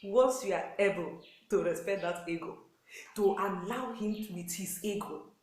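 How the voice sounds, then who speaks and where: A pastor's wife with a Nigerian accent, using a medium-pitched, slightly mellow voice at a measured pace, earnestly advises wives about marriage in sermon style. She keeps repeating key points and acts out quotes, and the poor audio has a roomy sound.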